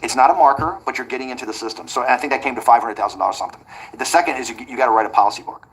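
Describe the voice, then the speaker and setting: A man being interviewed, telling a long anecdote quickly and acting out the quoted back-and-forth. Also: medium pitch, fairly bright tone, a little hiss or hum, poor audio. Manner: rapid anecdotal delivery that acts out quoted dialogue. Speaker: interview guest. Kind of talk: storytelling in a conversational interview.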